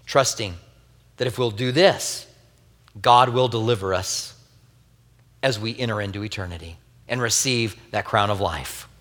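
A man's voice: on the low side, a little slow, pauses often, fairly bright tone. A man preaching a sermon as a pastor, telling a Bible story earnestly with wry asides and a tender, grieving personal tone. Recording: long hall reverb.

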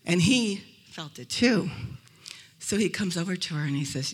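A woman from Arizona giving a humorous faith talk to a live audience in a hotel event room. She tells lively stories and acts out the voices of the people in them. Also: lowish voice, normal speed, breathy edge. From Arizona, USA. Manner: lively storytelling, acting out quoted voices. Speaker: speaker at a Christian event.

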